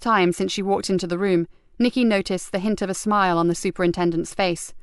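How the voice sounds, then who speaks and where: A woman narrating an audiobook mystery in a measured, even storytelling manner. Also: mid-range voice, clean tone, no echo, studio quality. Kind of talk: scripted narration.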